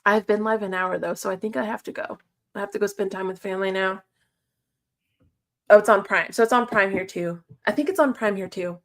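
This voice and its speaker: On her livestream, a talkative woman chats casually with viewers, reading their messages aloud, replying, and laughing a lot. Her pitch is relaxed and mid-range, and she speaks rather quickly with a slightly bright tone.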